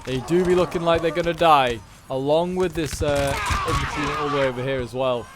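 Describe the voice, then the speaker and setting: A man's voice: a little high, brisk, very noisy. A man giving chatty play-by-play commentary on a strategy game battle, with wry asides. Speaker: gameplay commentator.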